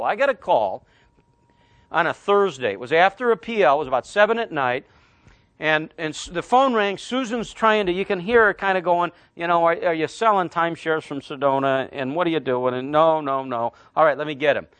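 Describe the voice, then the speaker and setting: Pastor, male, middle-aged, storytelling sermon with deliberate slow emphasis, fairly high voice, dry recording. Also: fairly bright tone, no room sound. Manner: storytelling, slows right down on key phrases.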